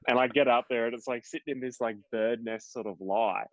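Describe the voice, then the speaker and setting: A man's voice: mid-range voice, fairly even intonation, a little fast, dry recording. A young Australian man with an Australian accent, a professional golfer telling rambling stories with fillers and swearing as a guest in a casual interview. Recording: dull, dry podcast audio.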